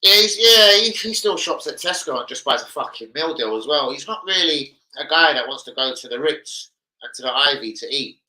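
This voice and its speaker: Sweary, excitable man. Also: fairly high pitch, moderate pace. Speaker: football fan vlogger. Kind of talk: casual rant to camera.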